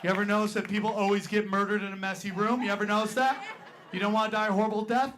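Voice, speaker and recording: A man's voice: high voice, flat delivery, racing, a bit bright. A man performing a crude, rambling stand-up set on a club stage, peppering his story with "right?" asides. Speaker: stand-up comedian. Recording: live club recording with crowd laughter and noise. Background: audience laughing and clapping.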